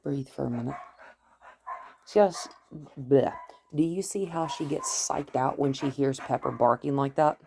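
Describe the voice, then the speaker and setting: A woman dog trainer who gives calm, firm commands to a dog and explains each step to the viewer. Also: very deep voice, measured pace, vocal fry, long pauses, noisy background. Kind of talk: dog training lesson, talking to camera and dog.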